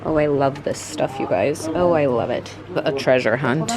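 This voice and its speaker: A woman hosting her own shopping vlog, gushing with excitement as she films on her phone at an outdoor flea market, sometimes dropping to a whisper. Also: extremely low pitch, moderate pace, gravelly. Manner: gushing, animated, drops into soft whispers. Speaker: vlogger host. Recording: phone audio with loud crowd.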